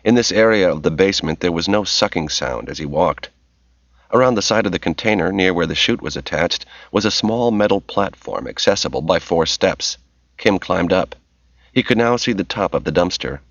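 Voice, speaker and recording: A man giving a measured, scripted audiobook narration. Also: sits low, lively intonation, a bit bright, no room sound. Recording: slightly dull dry recording.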